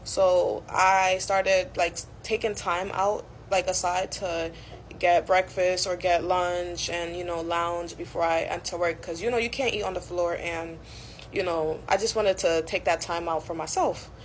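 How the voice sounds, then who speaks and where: A woman's voice: on the low side, steady tone, measured pace, a little hiss or hum, poor audio. A young woman telling a casual storytime, chatty and full of fillers like "like" and "you know".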